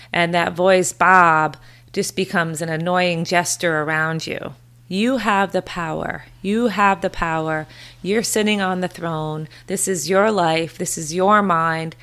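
Woman podcast host, kinda low voice, earnest motivational pep talk. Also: steady tone, measured pace, fairly bright tone, smooth. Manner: earnest, encouraging, repeats phrases for emphasis. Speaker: podcast host, confidence coach.

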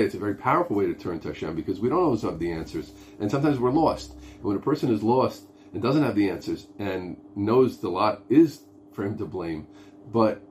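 Earnest low-voiced rabbi teaching. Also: male voice, a little mellow, slight background noise. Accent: Hebrew and Yiddish words in English speech. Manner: earnest, mixes Hebrew and Yiddish terms, acts out pleading voices. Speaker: rabbi teaching a prayer lesson. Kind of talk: informal Torah lesson.

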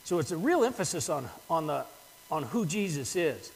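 A man's voice: fairly high pitch, very animated, moderate pace, vocal fry, slight background noise. Older man, pastor, earnest sermon, repeats himself for emphasis, echoing hall. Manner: earnest, repeats words while building a point.

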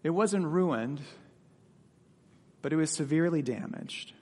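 A man's voice: fairly high pitch, measured pace, darkish tone. A male pastor reading scripture aloud and explaining it in a plain, conversational way during a sermon. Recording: long hall reverb.

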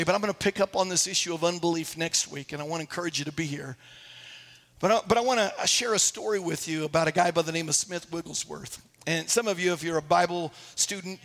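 A man's voice: high-pitched, fairly bright tone, big-room sound. A man, a pastor, preaching a sermon and telling stories with acted quotes, in a church sanctuary.

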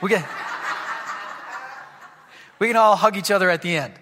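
A pastor with a high voice speaks a little slowly as he reads scripture in church and breaks off for joking, casual asides to the congregation. The background is noisy, and a long hall reverb colors the recording.

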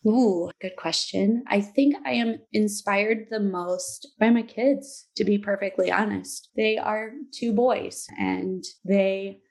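A woman in her thirties, a guest in an interview, speaking slowly and reflectively about hard personal things. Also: medium pitch, steady tone, gravelly, darkish tone. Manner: slow, reflective, emotional. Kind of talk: candid interview talk.

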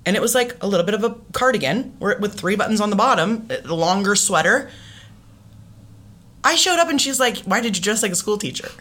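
A woman podcast guest and comedian in casual chat, telling stories with lively, playful delivery. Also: mid-range voice. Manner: animated storytelling with funny voices.

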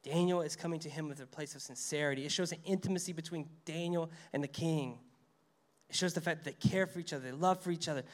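Pastor, male, fairly high voice, conversational sermon with acted-out quotes. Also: fast. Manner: conversational preaching, reads scripture aloud, acts out quotes.

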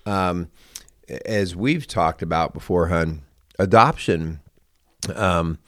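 A man co-hosting a casual faith-based conversation, speaking haltingly with frequent restarts and affectionate asides to his partner. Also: deep voice, fairly bright tone, dry recording, clean studio sound. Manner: halting, restarts often, calls partner "hun". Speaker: podcast co-host.

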